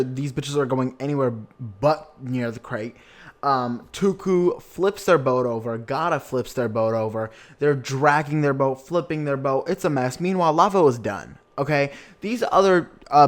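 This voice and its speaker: Young male podcast host, chatty and campy, mid-range voice, casual recap delivery. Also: mid-range voice. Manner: chatty and campy, quoting people in put-on voices.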